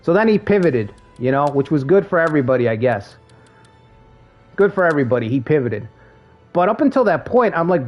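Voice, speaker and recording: A man streaming a strategy game, telling stories in a casual, animated way and swearing freely. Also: fairly high pitch, a little fast. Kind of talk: casual gaming stream chat. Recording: dull lo-fi stream audio with faint game music.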